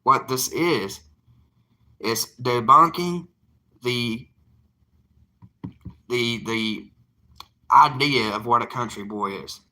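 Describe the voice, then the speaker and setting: A young man speaks in a thick Southern drawl, talking straight to his viewers in a casual vlog. His voice is intensely bright and forceful, and he hammers his points home with folksy repetition. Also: mid-range voice, slow pace, pauses often. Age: young adult. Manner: emphatic, folksy, repeats himself for emphasis. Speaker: evangelist vlogger.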